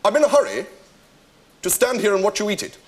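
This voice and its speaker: A man's voice: high-pitched, huge pitch swings, fast talker. A man acting a posh, fussy customer with a plummy accent and precise diction in a sketch before a studio audience. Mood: deadpan, polite. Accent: posh southern English. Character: posh fussy man buying fast food. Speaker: comedy sketch performer.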